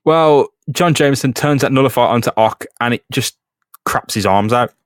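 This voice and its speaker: A man's voice: medium pitch, moderate pace, dry recording, studio quality. A man co-hosting a podcast, casually and jokily recapping a comic book. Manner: jokey retelling, acts out characters. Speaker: podcast co-host.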